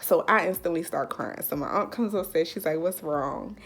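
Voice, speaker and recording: A woman's voice: lowish voice, brisk, a bit bright. A young woman vlogger telling a personal story in a casual, candid way, full of "like". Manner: chatty, lots of "like", candid.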